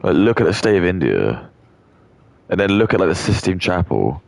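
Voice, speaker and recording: Very deep gravelly man streaming. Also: big pitch swings, moderate pace. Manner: rambling, crude, full of "like". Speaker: gaming streamer. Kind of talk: casual live-stream chat while gaming.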